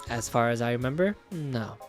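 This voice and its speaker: A man voicing a flirty, blunt adult woman in a video game, with slow teasing delivery. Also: medium pitch, lively intonation, soft background music, pitched below the performer's own voice, lightly acted.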